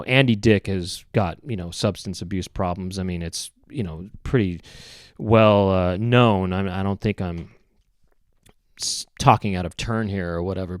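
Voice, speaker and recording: A man with a lowish voice talks on his podcast in a meandering, deadpan comic monologue. He keeps correcting himself and wandering off topic. The sound is dry and close, with no room behind him. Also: no room sound. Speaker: podcast host. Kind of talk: rambling comedic monologue.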